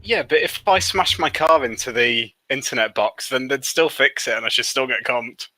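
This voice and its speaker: A man co-hosts a casual podcast with a wry, teasing edge. His tone is bright and forceful. The sound is dry and close. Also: mid-range voice, normal speed, no room sound. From United Kingdom. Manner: wry, teasing, plays devil's advocate. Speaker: podcast co-host.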